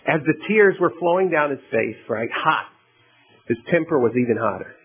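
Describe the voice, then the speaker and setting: A man's voice: a little high, expressive, moderate pace, slight background noise. A male pastor preaching a sermon in a conversational, storytelling way. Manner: conversational storytelling, asks "right?". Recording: tinny phone-like radio broadcast.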